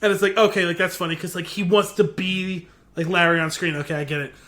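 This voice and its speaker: A man's voice: high voice, fast talker. A man co-hosting a podcast, casually and animatedly retelling a TV episode with lots of filler words. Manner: animated retelling with quoted lines, many "like" fillers. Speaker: podcast co-host. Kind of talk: casual chat, recapping a TV episode.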